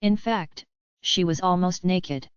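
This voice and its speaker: A woman giving scripted first-person audiobook narration in an even, steady reading. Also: lowish voice, takes it slowly, smooth, no echo. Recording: dull lo-fi dry audiobook recording.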